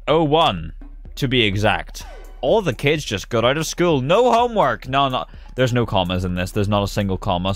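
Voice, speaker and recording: On a stream, a man with a medium-pitched voice animatedly reads silly fill-in-the-blank stories aloud, rushing through asides and bursting into laughter.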